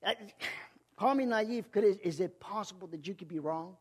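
A man preaching a sermon with passion, repeating phrases and swinging between loud outbursts and hushed lines. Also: high-pitched, moderate pace, slightly rough.

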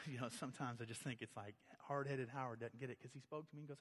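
A man's voice: medium pitch, fairly even intonation, fast, a bit bright. A middle-aged man preaching a sermon as pastor, talking conversationally and telling stories, then rising to emphatic peaks. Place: church sanctuary. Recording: long hall reverb.

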